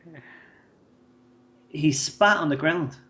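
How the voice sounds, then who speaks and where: A man in his 30s co-hosts a podcast, telling profane stories in casual chat and acting out the people in them with different voices. His voice is a little high and bright, with a forceful tone and a slow pace.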